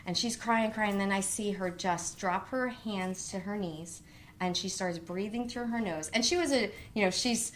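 A woman who teaches kindergarten, telling stories in a casual conversation and talking with animated swings in pitch. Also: a little hiss or hum. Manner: animated storyteller, quick rises in pitch.

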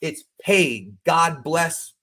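Male podcast guest, a bit high-pitched, candid and earnest, casual slang. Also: animated, very slow, sharp tone. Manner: earnest, frank, says bro, many restarts.

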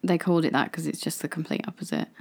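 Chatty woman, fairly low voice. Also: creaky, a little mellow, a little hiss or hum. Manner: chatty, quick to laugh, asks questions. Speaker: podcast co-host. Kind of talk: casual chat.

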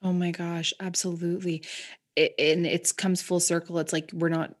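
A woman's voice: lowish voice, level tone, normal speed. A woman in casual, candid conversation, reflective and repeating words for emphasis, with occasional swearing. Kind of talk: casual heart-to-heart chat.

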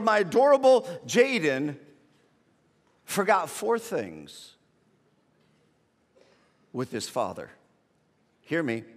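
A man preaching a sermon, animated and joking, often restarting with repeated words as he tells a family story. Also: mid-range voice. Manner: animated, repetitive starts, comic exaggeration. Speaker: pastor. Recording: long reverb of a large hall.

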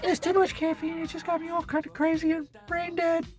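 Conceited Connie, a woman putting on a vain high chatterbox. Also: monotone, a little fast. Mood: bored chatter. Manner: self-centered, dramatic, whiny phone chatter. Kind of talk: one-sided comedy phone call sketch.

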